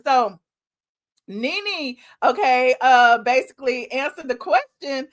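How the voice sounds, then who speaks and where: A woman's voice: high voice, animated, slow. A woman hosting a live-stream commentary show, talking in a sassy, emphatic way straight to her viewers.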